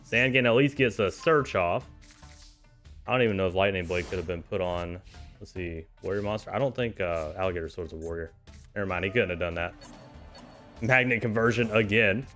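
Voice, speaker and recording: A man giving casual, excitable play-by-play commentary on a card game tournament, chuckling often and cheering the players on. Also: sits low, a little fast, faint music behind.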